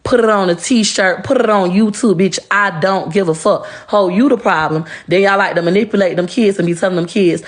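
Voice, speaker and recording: A woman's voice: on the low side, fairly quick, hardly any pauses. A woman delivering a blunt, profane, confrontational rant straight to camera, lecturing her listeners emphatically. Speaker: social media personality. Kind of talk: ranting to-camera monologue.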